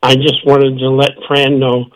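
A man calling in to a radio show, fighting the hiccups and talking haltingly with many restarts. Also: mid-range voice, monotone, rough recording. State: has the hiccups. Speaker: caller. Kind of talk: call-in phone chat.

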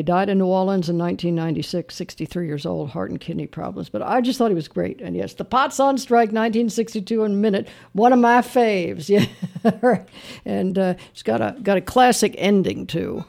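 A woman's voice: medium pitch, a little fast, gravelly, darkish tone. A woman hosting a call-in radio show, chatting cheerfully with callers and thinking aloud with plenty of fillers. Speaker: radio host. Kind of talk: casual call-in radio chat.

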